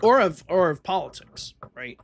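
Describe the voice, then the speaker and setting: A man's voice: sits high, sing-song, moderate pace. A man hosting a livestream, casually commenting on election results and thinking aloud with frequent restarts. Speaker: livestream host.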